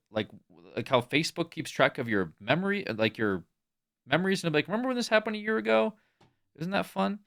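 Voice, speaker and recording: Young male streamer, mid pitch, rambly, filler-heavy. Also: a bit bright, clear, resonant tone. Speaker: livestreamer. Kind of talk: casual stream chat.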